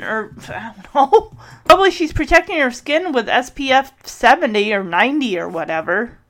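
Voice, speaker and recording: Animated, giggly woman chatting. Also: high voice, brisk. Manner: chatty, giggly, animated retelling with quoted voices. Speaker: podcast host recapping a TV episode. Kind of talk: casual chat.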